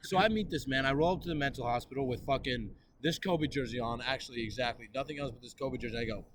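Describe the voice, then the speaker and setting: A young man hosting a crude comedy chat, telling loud stories full of swearing and laughter and acting out other people's lines. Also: medium pitch, fast, background noise. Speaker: podcast host.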